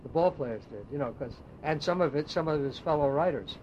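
A man's voice: fairly high pitch, animated, brisk. A man interviewing a former ballplayer, chiming in often with agreement. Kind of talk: oral history interview. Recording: dull lo-fi tape with faint hiss.

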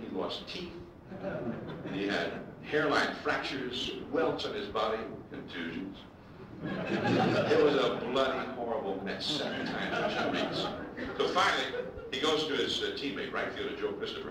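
A male baseball broadcaster telling lively anecdotes to an audience and acting out the quotes. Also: mid-range voice, background noise. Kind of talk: storytelling speech to an audience. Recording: echoey hall, distant mic, audience laughter.

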